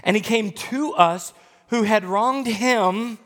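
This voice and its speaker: A male pastor preaching a sermon, expressive and swinging between loud and hushed. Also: sits high, slow.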